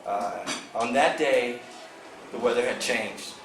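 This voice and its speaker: Animated man telling a fishing story. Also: medium pitch, slow pace, vocal fry. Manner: animated, laughing, acts out dialogue. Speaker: angler telling a tournament story. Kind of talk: casual storytelling to a club meeting. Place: meeting room. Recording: echoey room from far off, background noise.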